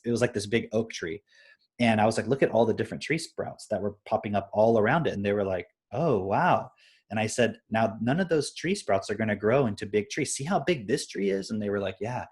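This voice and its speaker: On a live stream, a young adult man with a lowish, husky voice casually lays out his approach to parenting through stories, frequently checking in with "right?"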